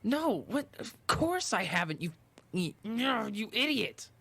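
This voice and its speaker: A man's voice: high-pitched, sing-song, a little slow, gravelly, pushed and bright, heavily acted. An actor playing an earnest, anxious bullied orphan boy who stammers when upset.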